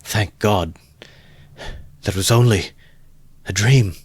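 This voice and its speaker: A man's voice: fairly low pitch, a little slow, a bit bright, husky, no room sound. A man voicing a tormented young man, anguished and breathless after a nightmare.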